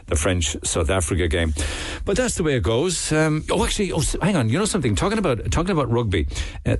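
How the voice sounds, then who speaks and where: A man's voice: low voice, dry recording. A man with a Cork accent hosting a phone-in radio talk show, chatty and easygoing as he reads out listeners' texts. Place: radio studio.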